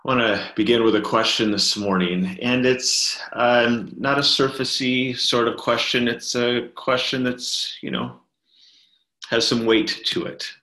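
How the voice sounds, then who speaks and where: A man giving a sermon as a pastor, talking in a slow, gentle, reflective way with many fillers and pauses. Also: medium pitch, fairly even intonation. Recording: echoey room.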